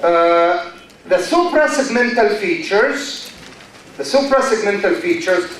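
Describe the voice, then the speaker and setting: Slow, high-voiced lecturer in a hall. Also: male voice, a bit bright, a little hiss or hum. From Egypt. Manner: asks the class questions and answers them himself, repeats key phrases. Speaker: university lecturer. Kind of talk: classroom lecture. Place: large university lecture hall. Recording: very echoey lecture hall, mic far off.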